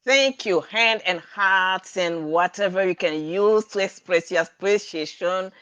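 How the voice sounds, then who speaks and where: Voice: mid-range voice, unhurried, fairly bright tone, smooth, dry recording, dull audio. A meeting host thanking a guest speaker over a video call, a bit hesitant and fumbling a title. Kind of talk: hosting online meeting.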